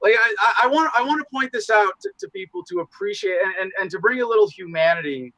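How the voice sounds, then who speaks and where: A man in casual podcast conversation, talking in animated, profane, rambling asides. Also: high-pitched, fast, dry recording, low-quality recording. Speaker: podcast guest, show host.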